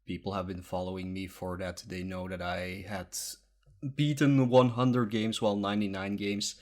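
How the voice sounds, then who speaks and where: A man co-hosts a relaxed podcast, half asleep and halting. His voice sits a little low, and he hesitates often between thoughts. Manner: halting, lots of um and uh fillers. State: sleepy. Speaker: podcast co-host. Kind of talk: casual chat.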